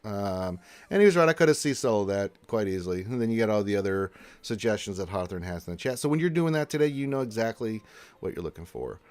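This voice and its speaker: A man's voice: on the low side, expressive, quick pace, darkish tone. A man hosting a casual gaming livestream, reading out chat messages in a chatty way, with frequent laughs and fillers. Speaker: livestream host.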